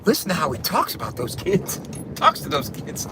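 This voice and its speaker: A man's voice: high voice, huge pitch swings, normal speed. A man chatting while driving, cursing a lot and laughing at his own joke. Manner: profane, laughing, self-amused. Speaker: vlogger. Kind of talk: casual chat while driving. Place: inside a car. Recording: car engine noise.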